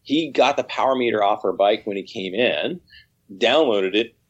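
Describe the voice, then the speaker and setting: A man, a cycling coach, talking casually in an interview, animated and rambling, with frequent restarts. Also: fairly low pitch, normal speed, husky, dull audio.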